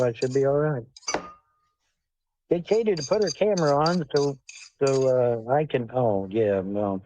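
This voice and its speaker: A man's voice: mid-range voice, lively intonation, normal speed, warm tone. A man hosting a casual livestream chat, rambling and swearing bluntly as he talks with callers. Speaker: livestream host. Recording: dull lo-fi sound.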